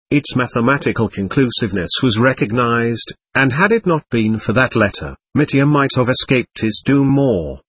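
A man reads a classic novel aloud in a measured, expressive way. His voice is husky and lively in pitch, and the sound is dry and close. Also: dry recording. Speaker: audiobook narrator. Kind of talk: scripted narration.

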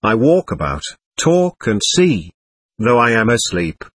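A man's voice: lowish voice, very animated, measured pace, fairly bright tone, slightly rough, heavily acted. A man reading as a feverish, delirious young man. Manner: rambling, agitated, brooding.

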